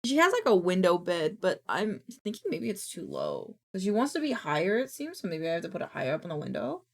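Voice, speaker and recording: A woman's voice: fairly low pitch, wildly swooping pitch, fast talker. A woman VTuber streamer in casual live-stream chat, chatty and swearing freely as she coos at her cat.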